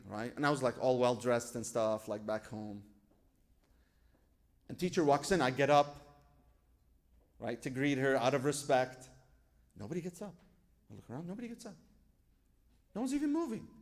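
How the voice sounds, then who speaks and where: A man giving a sermon as a sheikh. He tells stories from his own life, asks rhetorical questions and quotes scripture. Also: mid-range voice. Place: lecture hall at a religious gathering.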